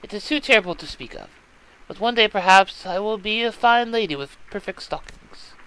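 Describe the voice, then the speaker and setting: A man voices a brooding, fanciful schoolgirl. She speaks in a stiff, theatrical way with no contractions. The voice sits high and bright and moves a lot. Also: expressive, normal speed, smooth, low-quality recording. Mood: melodramatic. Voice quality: theatrical, formal phrasing without contractions. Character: dramatic Russian schoolgirl, gloomy and fanciful.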